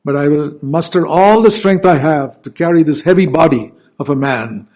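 A man's voice: fairly high pitch, normal speed, darkish tone, lightly acted. A male preacher voicing a grieving, devoted woman who pleads to find her lord's body, in earnest tones within a sermon. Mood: pleading.

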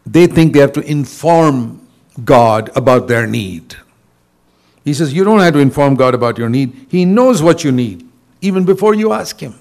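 A man's voice: on the high side, animated, normal speed, gravelly, darkish tone. An older man preaching a sermon in a conversational way, with bursts of emphasis.

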